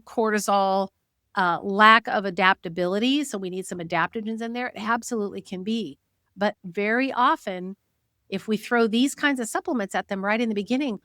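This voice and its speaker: A woman's voice: medium pitch, a bit bright, no echo, studio quality. A woman host teaching fellow practitioners in a conversational, explanatory way, often quoting what patients say. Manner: chatty, explanatory, quotes patients in a lifted voice.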